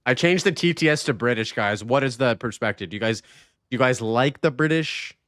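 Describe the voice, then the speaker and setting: A man streaming a game live, chatting casually, reading chat aloud and swearing freely in loose, excitable talk. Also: mid-range voice, fairly quick, no room sound, studio quality.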